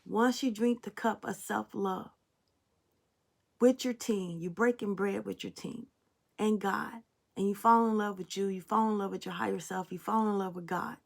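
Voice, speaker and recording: A woman's voice: mid-range voice, vocal fry, a little mellow. A woman giving a spiritual tarot reading to her viewers, preachy and blunt, talking straight at them and swearing now and then. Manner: preachy, blunt and emphatic, addressing viewers directly; swears casually. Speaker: tarot reader.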